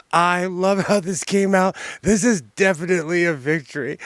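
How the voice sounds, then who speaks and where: A man's voice: high voice, fairly even intonation, moderate pace, hardly any pauses, a bit bright, no room sound, studio quality. A man vlogging casually from his home sewing room, showing off his makes and often breaking into laughter. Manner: giggly, keeps breaking into laughter. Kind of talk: casual show-and-tell vlog.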